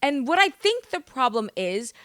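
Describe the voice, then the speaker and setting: A young woman from the United States tells stories on her podcast, animated and quick to swear. Her voice is bright and a touch high. The sound is close and dry. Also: dry recording. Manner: animated, swearing, exaggerated storytelling. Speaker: podcast host. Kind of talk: casual storytelling monologue.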